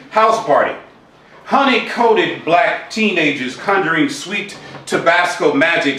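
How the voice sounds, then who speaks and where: Male poet, high bright voice, rhythmic spoken-word reading, echoing off-mic. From Shreveport, Louisiana, USA. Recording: roomy, voice from a distance.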